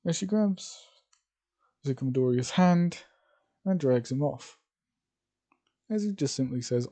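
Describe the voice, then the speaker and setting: A man's voice: a little high, expressive, a little slow, pauses often, warm tone. A man reading a fan story aloud in a casual, rambling way, with asides to the listener.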